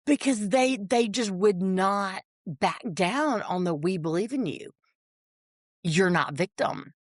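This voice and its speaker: A woman, a podcast guest telling a personal story, animated and quick to laugh. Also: mid-range voice, no echo, clean studio sound. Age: 40s. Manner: animated storyteller, acts out family voices, laughs often.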